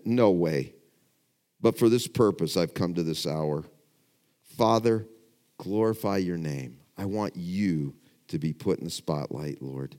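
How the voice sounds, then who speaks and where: Middle-aged male pastor, lowish voice, preaching in church, drops to a hush then builds to emphatic questions. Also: measured pace. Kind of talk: sermon. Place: church before a congregation.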